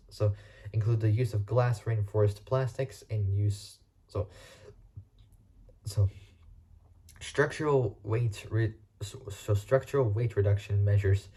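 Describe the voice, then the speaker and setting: Low, mellow man reading car facts haltingly. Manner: halting reading with frequent restarts and spelled-out words. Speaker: car video creator. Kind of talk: reading car facts aloud, casual vlog.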